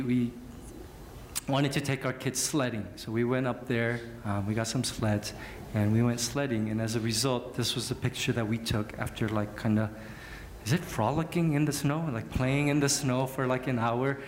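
A man in his thirties from Southern California, preaching a sermon as a pastor in an animated, joking, self-mocking storytelling way. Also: medium pitch, moderate pace, roomy sound, slight background noise.

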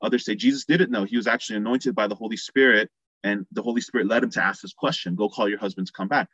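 A man's voice: fairly low pitch, steady tone, quick pace, fairly bright tone, breathy edge, dry recording, highs cut off. A man preaching a sermon in a conversational way, acting out the people in the story as he goes. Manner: conversational, acts out quoted voices.

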